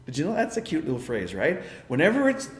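Animated pastor, high voice, echoey. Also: male voice, fast. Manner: animated storyteller, acts out voices and sounds. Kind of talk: sermon with personal story.

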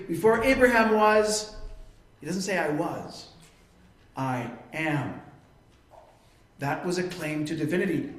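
A man with a fairly high voice teaches from scripture in an earnest, emphatic sermon. The sound is roomy and echoey. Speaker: preacher. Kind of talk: expository Bible teaching.

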